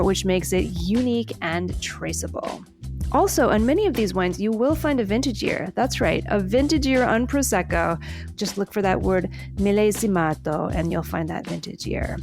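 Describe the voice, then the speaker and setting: A woman podcast host giving an enthusiastic scripted narration of a wine tasting, spelling out terms as she goes. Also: medium pitch. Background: music.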